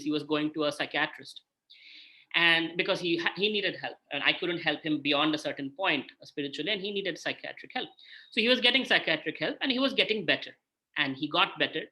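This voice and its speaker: A man's voice: sits high, bright, forceful tone. A man gives an informal scripture talk as a spiritual mentor, chatting and often checking in with "right?". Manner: conversational, frequent "right?" check-ins.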